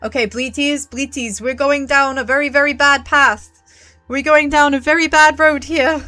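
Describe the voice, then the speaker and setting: A woman streaming a mystery game, talking to herself and her viewers, jumpy and quick to swear when startled. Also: sits high, steady tone, pushed and bright, faint music behind. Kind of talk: live game commentary.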